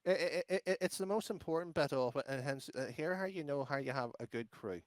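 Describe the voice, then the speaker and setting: A somewhat high-voiced Irishman speaks a little fast in a dry recording. He's an esports caster appearing as a podcast guest, chatting bluntly and casually, wandering off with fillers and restarts.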